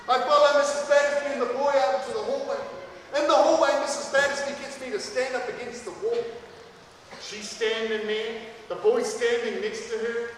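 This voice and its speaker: A man tells a story to a room of schoolchildren, high in pitch and dramatic, swelling into loud bursts. He sounds far from the microphone in a big hall, with long reverb and a faint hum of ambience. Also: moderate pace. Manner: dramatic, animated, builds to loud outbursts. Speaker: author and motivational speaker.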